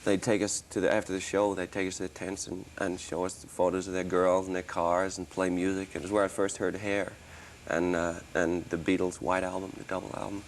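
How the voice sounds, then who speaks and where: A man's voice: sits low, flat delivery, brisk, few pauses, a little hiss or hum. A man in his thirties, originally from Australia, with an American accent and traces of Australian, talking casually and rambling with many restarts as an interview guest. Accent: mostly American, traces of Australian. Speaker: interview guest, musician and actor.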